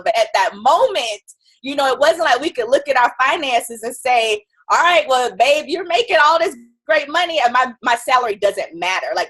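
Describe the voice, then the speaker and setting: A woman guest on an interview show, telling her story in a chatty, animated way and acting out what others said. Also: a little high, moderate pace, slightly rough. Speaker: guest entrepreneur.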